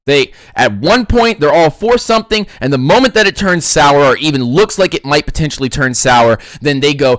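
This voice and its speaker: Male sports podcast host, lively swinging delivery, dry close mic. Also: fairly high pitch, moderate pace, few pauses, no room sound. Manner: animated ranting, frequent restarts. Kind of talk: casual sports commentary.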